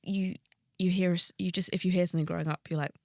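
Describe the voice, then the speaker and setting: A woman comedian chatting on a podcast panel, with quick interjections and reflective asides. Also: lowish voice, fairly even intonation, background noise. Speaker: comedian guest. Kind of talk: casual chat.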